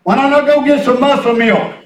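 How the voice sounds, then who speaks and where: A middle-aged male pastor preaching in a folksy, repetitive way, his voice pitched very high for a man. He sounds distant from the mic in an echoey room. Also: fairly quick. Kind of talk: sermon.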